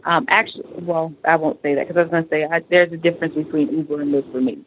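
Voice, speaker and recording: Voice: medium pitch, little pitch movement, quick pace, slight background noise. A talk show host encouraging and affirming the guest, speaking in a reflective, sermon-like way. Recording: tinny phone line.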